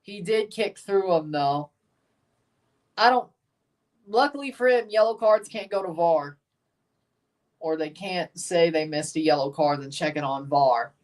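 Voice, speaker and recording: A man's voice: on the high side, a little slow, long pauses, distant mic. A man with a Southern accent streaming live match reactions, chatting with viewers and exclaiming at plays. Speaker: watchalong streamer.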